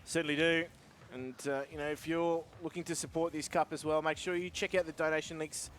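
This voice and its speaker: A man calling live esports play-by-play in a lively, upbeat way. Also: on the high side, fairly quick, slight background noise. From Australia. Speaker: esports commentator.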